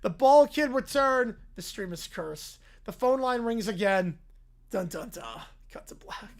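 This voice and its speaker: Woman streamer reading goofy stories out loud, high voice that jumps all over, laughs a lot. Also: a little slow. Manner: animated, laughs often while reading. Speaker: livestream host. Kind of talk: casual livestream chat, reading stories aloud.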